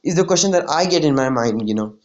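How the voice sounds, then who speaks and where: A man's voice: mid-range voice, expressive, fast, dull audio. A man casually retelling a fan-made story, rambling with many "like"s and "you know"s.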